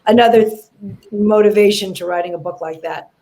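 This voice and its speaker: A woman's voice: medium pitch, a little fast, warm tone. A woman guest on a video chat, talking earnestly about her book with many ums and uhs. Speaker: guest, comedian and author. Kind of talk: casual chat.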